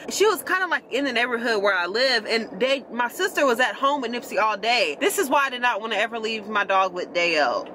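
A woman's voice: brisk, a little hiss or hum. Chatty young woman vlogging. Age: 20s. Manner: chatty, animated storytelling, high-pitched when quoting others. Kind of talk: casual chat.

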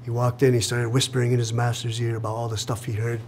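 A man telling a traditional story aloud to an audience in a lively way, acting out the voices and chuckling at his own jokes. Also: mid-range voice, fast, slight background noise. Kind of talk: live oral storytelling. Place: live reading event.

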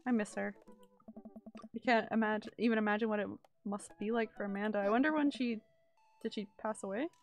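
A woman's voice: mid-range voice, fairly even intonation, fairly quick, natural voice. A woman voicing a sentimental, easygoing middle-aged single dad from a video game, reading his lines aloud in a fond, storytelling way. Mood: wistful. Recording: quiet music under the voice.

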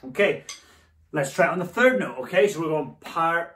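A man's voice: fairly high pitch, expressive, normal speed, heavy background noise. A man teaching a drumming lesson, coaching encouragingly and calling out the rudiment syllables as his students play. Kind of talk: instructional lesson. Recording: echoey room, voice a bit far from mic.

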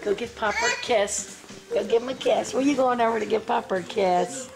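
A woman's voice: fairly high pitch, animated, normal speed, creaky, heavy background noise. A mother talking baby talk to her infant son at home, coaxing him with sing-song, repetitive prompts.

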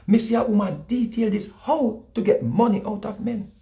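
Jamaican guy chatting, telling stories, gravelly voice, acts out everyone he quotes. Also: high voice, normal speed. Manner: animated, repetitive, acts out quotes. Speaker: guest speaker. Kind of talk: casual storytelling chat.

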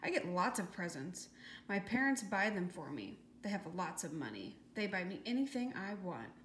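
A woman's voice: on the low side, very animated, moderate pace, fairly bright tone. A woman voicing a bratty, spoiled schoolgirl who sneers like a know-it-all, read in a storybook. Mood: snide. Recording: echoey room with faint hiss.

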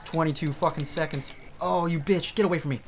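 A man giving profane, joking commentary as he plays a video game, reacting loudly to the screen. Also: fairly high pitch, brisk, faint music behind. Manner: excitable, swearing, joking at the screen. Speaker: let's play streamer.

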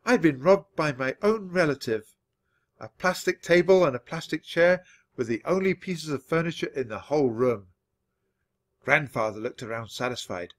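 A man reading a children's book aloud for English learners, with expressive, animated storytelling. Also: on the high side, moderate pace. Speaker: storybook reader.

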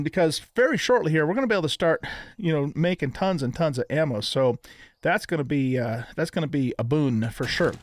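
A man's voice: fairly high pitch, no echo. An older man casually talking through his gameplay as the host, with frequent ums and restarts. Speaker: gaming YouTuber.

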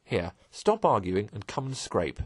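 A brisk, clever male water rat from a storybook, as a man reading aloud puts him on. His husky voice is emphatic and leaps lively up and down. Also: lowish voice. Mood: impatient.

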